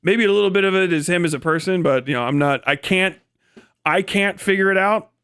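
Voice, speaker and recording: A man streaming live in a loose, rambling way, swearing freely and breaking into laughter. His voice sits a bit high for a man and sounds dry and close to the mic, with no room around it. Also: a little fast, a bit bright, smooth, dry recording. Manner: rambling, profane, laughs often. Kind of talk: casual livestream commentary.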